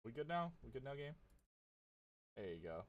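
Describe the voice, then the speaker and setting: A man's voice: mid-range voice, sing-song, moderate pace, muffled recording. A goofy young man streaming a game, chatting casually and laughing often. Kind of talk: casual gameplay commentary.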